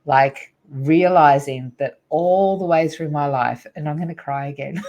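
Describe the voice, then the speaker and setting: A woman's voice: low-pitched, a little slow, darkish tone. A middle-aged woman, a guest on an interview show, earnestly recounting a personal spiritual story in a rambling way with many fillers.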